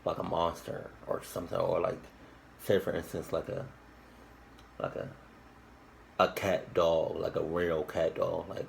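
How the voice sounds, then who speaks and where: Slow, gravelly low-voiced man rambling. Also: slight background noise, rough recording. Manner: rambling, crude jokes, frequent restarts and fillers. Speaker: reaction video host. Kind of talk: casual rambling commentary.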